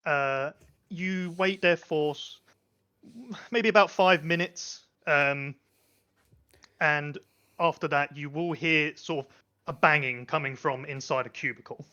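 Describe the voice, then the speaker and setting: A man narrating as game master of a tabletop game, halting often with fillers. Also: fairly high pitch, bright, forceful tone, clean tone. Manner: hesitant, many fillers. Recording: lo-fi mic.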